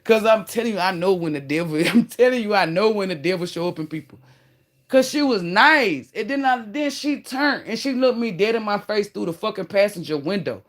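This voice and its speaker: A woman telling a profane, animated story straight to her viewers, calling them "y'all" and "baby", with emphatic outbursts. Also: medium pitch, fairly quick. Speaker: online creator.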